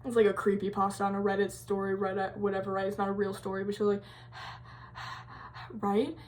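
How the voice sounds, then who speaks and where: A woman's voice: medium pitch, monotone, fast, a little mellow. A young woman vlogger casually retelling a creepy story, rambling with lots of fillers and restarts. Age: young adult. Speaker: college vlogger.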